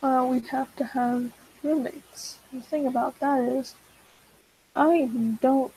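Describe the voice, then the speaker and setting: A teenage girl, a digital artist vlogger, chats casually while drawing, speaking slowly in a high, mellow, husky voice with fairly even intonation. She's rambling, awkward and self-deprecating, full of fillers and restarts, recorded on a desk mic with low quality.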